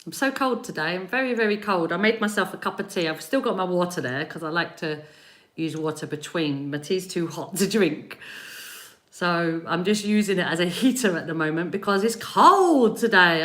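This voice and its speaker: Bright-voiced British woman chatting on a livestream. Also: on the low side, normal speed. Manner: chatty, greets viewers by name, laughs often. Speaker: spiritual reader and livestream host. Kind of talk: casual livestream chat. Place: home in Spain.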